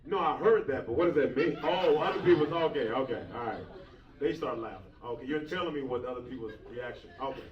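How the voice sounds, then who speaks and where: A male stand-up comedian doing loud, playful crowd work in a comedy club, laughing often. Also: mid-range voice, expressive, brisk. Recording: roomy live club audio from a distance, dull. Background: loud audience laughter.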